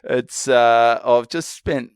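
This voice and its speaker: A man's voice: medium pitch, slow pace, clean tone, no echo, clean studio sound. An Australian man co-hosting a podcast, telling a rambling, crude story in casual chat and acting out the other people in it. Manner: crude, laddish, acts out quoted voices. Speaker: podcast co-host.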